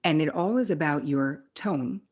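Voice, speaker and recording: Woman, middle-aged, low voice, blunt, profane, podcast guest. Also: moderate pace, darkish tone, breathy edge. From New York area. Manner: blunt, profane, acts out quoted people. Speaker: psychotherapist guest. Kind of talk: casual podcast conversation.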